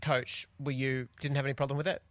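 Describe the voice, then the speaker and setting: An Australian woman co-hosting a podcast, telling animated stories and acting out what people said. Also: extremely low pitch, fast, no echo. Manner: animated storyteller, acts out quotes. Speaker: podcast co-host. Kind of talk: casual chat.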